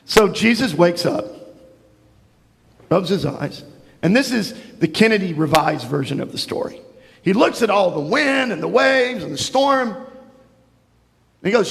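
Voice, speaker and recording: A male pastor giving a sermon, telling a Bible story to children with animated storytelling and acted-out voices. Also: extremely high pitch, moderate pace, gravelly. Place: church sanctuary. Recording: long church reverb.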